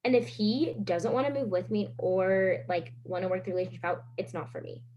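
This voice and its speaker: A 19-year-old woman appears as a guest on a podcast. She speaks in a relaxed, easygoing conversational manner at a medium pitch. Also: a little fast, muffled recording. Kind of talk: casual chat.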